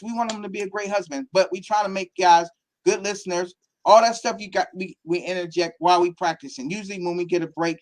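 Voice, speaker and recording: A man, a football academy coach from Pittsburgh, talking casually in an interview and acting out quotes as he tells stories. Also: sits high. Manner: animated storytelling, acts out quotes.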